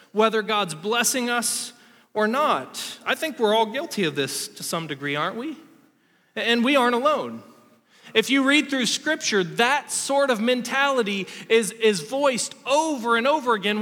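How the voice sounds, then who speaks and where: A man's voice: extremely high pitch, pushed and bright, big-room sound. A man in his thirties preaching a sermon, telling a story about himself and acting out the quotes in it. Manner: storytelling, self-deprecating, acts out quotes. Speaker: pastor.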